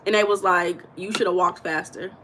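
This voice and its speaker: An American woman hosting a casual livestream, chatting and reading viewer comments in a blunt, animated way, with occasional swearing and emphatic bursts. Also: on the low side, normal speed, a little hiss or hum, poor audio. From United States. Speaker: livestream host.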